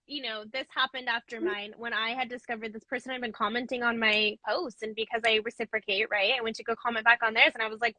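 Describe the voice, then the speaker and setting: A woman host with a sharp, bright, fairly high voice, recorded close and dry. She chats easily and keeps affirming her guest as she asks her questions. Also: no room sound, low-quality recording. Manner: chatty, affirming interviewer. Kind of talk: casual conversation.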